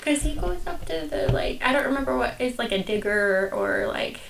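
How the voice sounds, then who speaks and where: A woman's voice: sits high, animated, normal speed, creaky. A young woman chatting casually and giggling, with lots of fillers. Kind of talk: casual chat.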